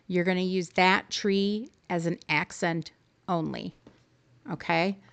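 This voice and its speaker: A woman hosts a live stream, coaching viewers through game decorating choices in a friendly, upbeat way while answering chat. Her mid-range voice is clear and resonant.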